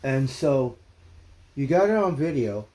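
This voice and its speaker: Profane, ranting man with a mellow voice. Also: mid-range voice, very animated, measured pace. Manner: profane, blunt, heated. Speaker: livestream host. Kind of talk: casual ranting commentary. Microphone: streaming mic.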